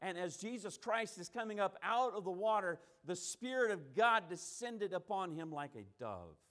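Preacher, male, high pitch; emphatic sermon delivery, repeats lines for weight. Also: expressive, normal speed, fairly bright tone. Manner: emphatic, repeating and restarting phrases, acting out quotes.

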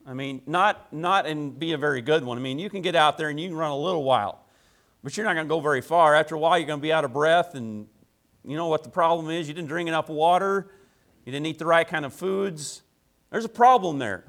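A man's voice: sits high, a bit bright. A male pastor preaching a sermon in a folksy, conversational way, with emphatic repeated phrases and rhetorical questions. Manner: folksy, conversational address to the congregation.

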